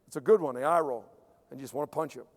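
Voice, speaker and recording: A man, a strength coach, giving an emphatic conference lecture, repeating key points and dropping into quiet acted-out asides. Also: medium pitch, racing. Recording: long hall reverb.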